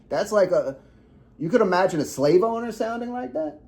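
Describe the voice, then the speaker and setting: A man's voice: sits high, lively intonation, normal speed, a little mellow. A young man co-hosting a podcast, rambling in casual chat with heavy swearing and lots of fillers. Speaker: podcast co-host.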